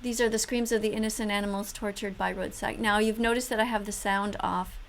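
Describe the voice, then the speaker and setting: An earnest woman talking through reaction commentary, with her emotion sitting close to tears. Her voice has a pronounced gravelly fry. A faint hum sits behind her close-miked recording. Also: mid-range voice, steady tone, a little fast. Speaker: vegan activist vlogger.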